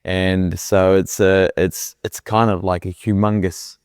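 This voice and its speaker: A man's voice: sits low, little pitch movement, unhurried, a little mellow, smooth, no echo, clean studio sound. A man, a guest cricketer on a podcast, talking casually with frequent restarts.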